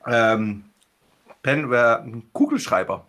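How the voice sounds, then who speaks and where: A man of middling pitch in relaxed podcast chat. He stumbles, repeats words and restarts sentences as he gropes for the right phrase. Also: faint music behind. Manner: halting, repeats words while searching for them. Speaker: podcast co-host. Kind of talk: casual chat.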